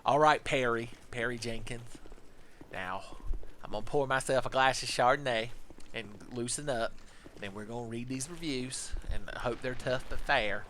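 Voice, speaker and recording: A man doing a soft, fretful substitute teacher. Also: mid-range voice, normal speed, slight background noise, close to an everyday voice. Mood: earnest. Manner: soft-spoken, hesitant, earnest. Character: nervous, kindly middle-aged male substitute teacher.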